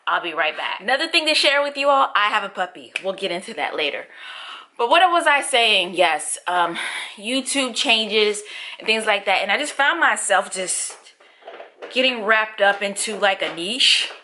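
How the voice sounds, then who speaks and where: A chatty woman in her thirties talking to her viewers in a casual vlog. Her voice is bright and forward, and she laughs often as she catches them up on her life. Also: medium pitch, lively intonation, normal speed. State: out of breath. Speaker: vlogger. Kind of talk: casual chat to camera.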